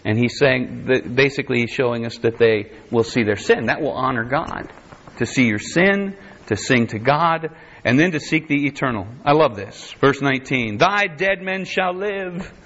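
A man's voice: mid-range voice, moderate pace, fairly bright tone. A man teaching a verse-by-verse sermon, reading scripture in old English wording and then explaining it in plain words, often restarting his sentences. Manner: reads King James scripture aloud, then explains it plainly; frequent restarts and self-corrections. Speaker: Bible teacher. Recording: dull lo-fi recording.

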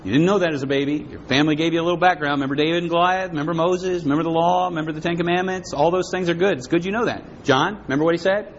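A pastor preaching a sermon, swinging between loud, dramatic lines and hushed ones. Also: male voice, on the high side, quick pace, hardly any pauses. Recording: dull lo-fi with faint hiss.

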